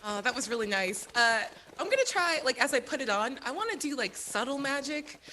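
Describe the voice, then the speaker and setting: Casual woman player, fairly high and bright, joking. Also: lively intonation, fairly quick, a little hiss or hum, poor audio. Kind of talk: casual chat in a tabletop game.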